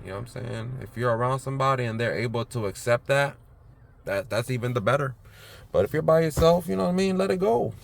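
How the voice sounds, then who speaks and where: A man talking to his phone camera in an outdoor park by the water, in a relaxed, rambling vlog full of fillers. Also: mid-range voice, fast talker, creaky. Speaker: vlogger.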